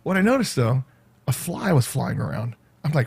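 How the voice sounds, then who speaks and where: Animated man telling a rambling story. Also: mid-range voice, normal speed, creaky, breathy edge. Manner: animated, rambling, peppered with "right?" and laughs. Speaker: vlogger. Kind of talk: casual storytelling to camera. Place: at home.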